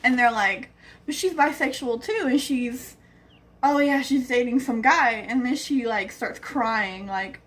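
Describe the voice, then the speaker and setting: A woman's voice: a little high, measured pace, a bit bright. A young woman telling a rambling personal story on her vlog, acting out what other people said. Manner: rambling, acts out quoted people. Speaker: vlogger. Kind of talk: casual storytelling.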